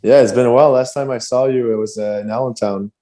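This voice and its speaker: A man whose first language is French, a podcast guest from Quebec, answering casually in an easygoing, slightly halting way. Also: medium pitch, fairly even intonation, a loud crowd. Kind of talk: casual interview chat.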